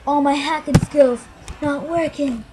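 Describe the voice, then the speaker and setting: A woman giving casual gameplay commentary, excitable and quick to protest out loud. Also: high voice, heavy background noise. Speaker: gamer.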